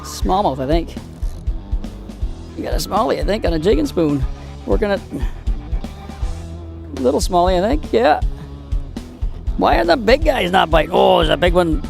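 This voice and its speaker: A man hosting a fishing show, giving excitable, exclamatory commentary outdoors from a boat on a lake. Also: high voice, normal speed, gravelly, long pauses, faint music behind. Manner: excitable, exclamatory, talks to the fish.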